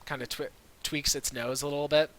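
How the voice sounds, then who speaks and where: A man narrating as dungeon master in relaxed, filler-heavy storytelling on a USB mic over a video call. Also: on the high side, fairly quick, low-quality recording. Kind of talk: narrating a tabletop game.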